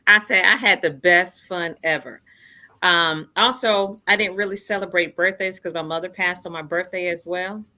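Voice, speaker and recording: Earnest woman in her fifties, bright voice. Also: on the low side, steady tone, moderate pace. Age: 50s. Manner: earnest, repeats phrases for emphasis. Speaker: guest. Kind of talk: personal storytelling in a radio interview.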